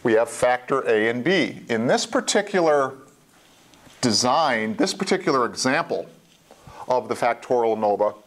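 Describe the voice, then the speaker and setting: With lively intonation and a medium pitch, a man teaches college statistics in a classroom at normal speed. He works through the material step by step in a plain voice, going back over key points and dropping small asides.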